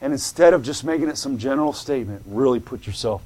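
A male preacher giving a fervent sermon, calling out to the congregation and swinging between shouting and hushed tones. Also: medium pitch, expressive, quick pace.

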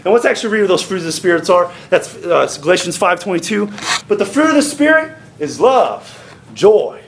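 A man preaching a sermon in a folksy, animated way, acting out little voices as he goes, with a congregation calling out amens. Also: sits high, fairly quick, a little hiss or hum. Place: church. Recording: echoey church hall with congregation.

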